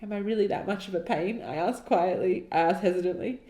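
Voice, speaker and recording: Reading her past writing dramatically, this podcast co-host keeps interrupting herself with sarcastic, laughing, exasperated commentary. Her mid-range voice moves fairly quickly and has a dark tone, heard with a roomy echo.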